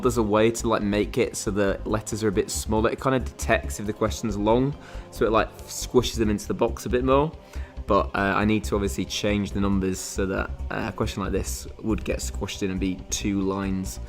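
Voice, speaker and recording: Rambling man hosting a streamed quiz. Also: fairly low pitch. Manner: rambling, many fillers and restarts. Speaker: quiz game host on a live stream. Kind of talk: casual live-stream chat.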